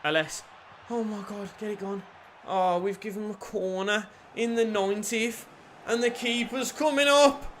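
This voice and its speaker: A young man giving crude, cheeky commentary over a football video game, swinging from low mutters to shouted goals. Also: moderate pace. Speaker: gaming YouTuber. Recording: faint music behind.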